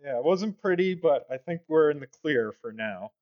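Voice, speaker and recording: A man speaking in character at a tabletop game, with slow, halting radio-operator talk. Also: fairly high pitch, animated. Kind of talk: in-character tabletop role-play. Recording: dull lo-fi sound.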